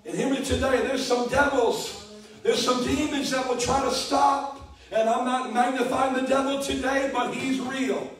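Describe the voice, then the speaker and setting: High-voiced, slow-preaching pastor. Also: male voice, steady tone, a bit bright. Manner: emphatic, repeats key words. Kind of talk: sermon. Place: church sanctuary. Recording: echoey church, distant mic.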